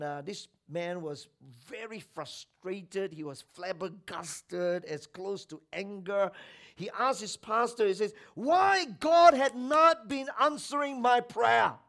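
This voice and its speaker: Male preacher, high voice, slow deliberate delivery, dramatic shifts between loud and hushed. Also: vocal fry. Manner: dramatic swings from loud preaching to near-whisper. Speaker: pastor. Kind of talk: sermon.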